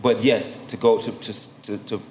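Laid-back low-voiced man rapping about his past. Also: flat delivery, moderate pace, a little mellow, slight background noise. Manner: laid-back, slangy, rambling with fillers. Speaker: rapper guest. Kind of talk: casual interview talk.

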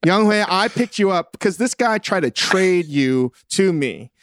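A man hosting a podcast in casual chat, animated and self-mocking, swearing freely. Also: high-pitched, a little slow, dry recording, studio quality. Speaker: podcast host.

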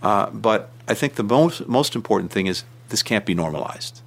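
Deliberate, emphatic low-voiced man. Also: expressive, gravelly. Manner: deliberate, emphatic, with frequent restarts and pauses. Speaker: senior government official interviewed. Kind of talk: measured interview answers.

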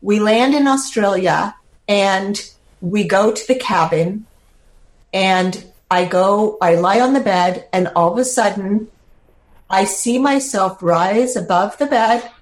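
A woman's voice: medium pitch, takes it slowly. An older woman, a podcast guest, telling her personal story in an earnest, heartfelt way, close to tears at times.

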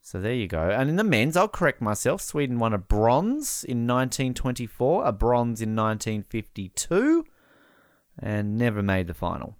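A man co-hosting a podcast, chatting casually over a live match and breaking into excited shouts at big moments. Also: medium pitch, moderate pace, no echo, clean studio sound. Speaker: podcast co-host. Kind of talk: casual live-watch commentary.

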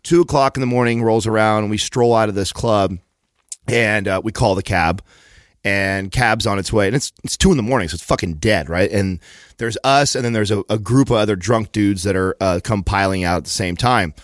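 A man's voice: on the low side, brisk, dry recording, studio quality. Profane storytelling man. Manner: profane, animated retelling with acted-out quotes. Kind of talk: casual storytelling.

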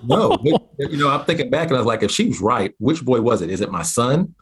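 A man from southeastern Oklahoma, a guest earnestly telling a personal story with halting restarts. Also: mid-range voice, very animated, a little hiss or hum. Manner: earnest, halting restarts, slows down at key moments.

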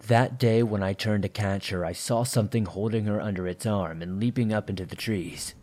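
Man doing a gruff grieving hunter, curt, clipped, low voice, faint music behind. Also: brisk, darkish tone, natural voice. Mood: grim. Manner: curt, snapping, through clenched teeth.

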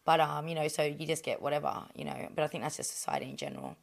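A woman's voice: sits low, very animated, quick pace, creaky. An Australian woman in her thirties, a boxer talking candidly in an interview, blunt and full of swearing, fillers and restarts.

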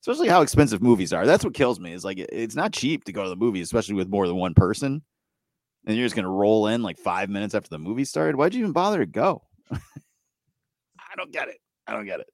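A middle-aged man with a fairly low voice talks casually as a podcast co-host. He gets heated, swears a lot and laughs between his points. The sound is dry and close. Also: big pitch swings, rapid-fire, darkish tone, no echo. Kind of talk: casual chat.

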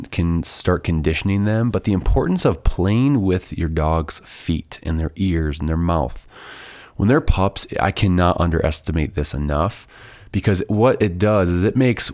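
A man with a deep, low voice hosts his podcast in a relaxed, rambling way. His nose is stuffed up from a summer cold, and he circles back with plenty of ums and restarts. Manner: rambling, many fillers and restarts. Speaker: podcast host. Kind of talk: casual solo podcast intro.

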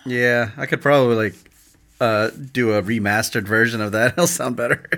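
A man's voice: mid-range voice, normal speed, fairly bright tone. A man co-hosting a podcast who chimes in with dry wisecracks during a casual movie chat. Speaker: podcast co-host.

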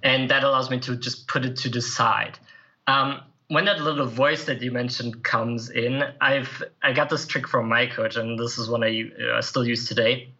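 Bright-voiced earnest male coach. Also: medium pitch, fairly even intonation, normal speed, lo-fi sound. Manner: earnest, reflective, with light laughs and fillers. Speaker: podcast guest, self-improvement writer and coach. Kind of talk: conversational interview answers.

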